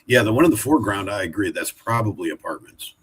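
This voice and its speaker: Low-voiced man chatting on a home stream. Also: animated, fast, fairly bright tone, husky. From Oregon, USA. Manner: rambling, chatty, talks to his dog. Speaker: live stream host. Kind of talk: casual live chat. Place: home room, sitting in a wooden chair.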